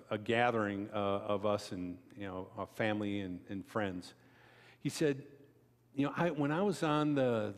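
Chatty man preaching in a reverberant hall. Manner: storytelling, chatty asides to the congregation; acts out quoted voices with sharp pitch jumps. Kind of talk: conversational sermon. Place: church sanctuary. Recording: long reverb of a church hall.

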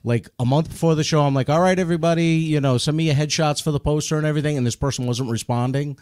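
A man's voice: a little high, steady tone, quick pace, a little mellow, clear, resonant tone, dry recording, clean studio sound. A man co-hosting a comedy podcast, telling a story in a rambling, wry way. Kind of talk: casual podcast chat.

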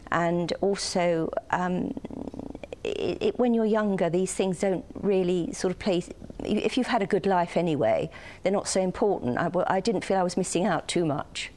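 Older woman, UK-raised, low voice, gentle and hesitant interview guest. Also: normal speed, a little hiss or hum. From United Kingdom. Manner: soft-spoken, hesitant with many ums.

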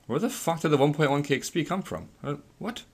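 A man's voice: a little high, expressive, fairly quick, a little mellow. A man giving casual, rambling gameplay commentary to his viewers, swearing freely as he plays. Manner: rambling, profane, talks to viewers while playing. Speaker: gaming channel host.

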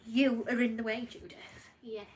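A woman's voice: on the high side, little pitch movement, moderate pace, very noisy. British woman cooing to her dogs. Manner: soothing baby talk to dogs, often hushed. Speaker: dog breeder filming her dog's labour. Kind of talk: casual vlog, talking to her dogs. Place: at home indoors.

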